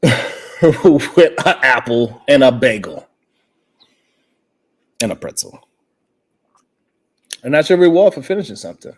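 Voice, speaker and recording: A man hosting a morning talk show, telling a story in a casual, animated way and swearing freely. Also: fairly low pitch, husky.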